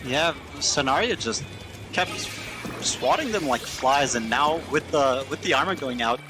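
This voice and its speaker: A man's voice: mid-range voice, lively intonation, unhurried, over music. A man from Portugal with a British-sounding English accent, bantering as an esports co-commentator. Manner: playful, bantering.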